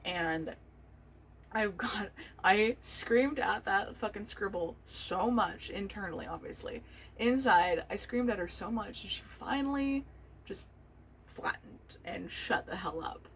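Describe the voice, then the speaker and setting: A young adult woman hosts a personal solo podcast, speaking candidly and emotionally, swearing freely, and restarting her sentences as she sounds choked up and tearful. Her mid-range voice is a bit bright and a little slow. The recording is rough, with slight background noise.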